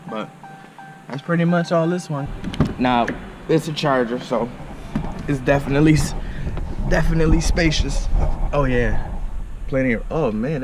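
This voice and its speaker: A man doing a casual car walkaround for his vlog, excitable and slangy, talking straight to viewers. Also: medium pitch. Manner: loose, slangy, excitable, talks to viewers as y'all. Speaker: car vlogger. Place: indoor car dealership showroom. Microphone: handheld camera with small on-camera mic.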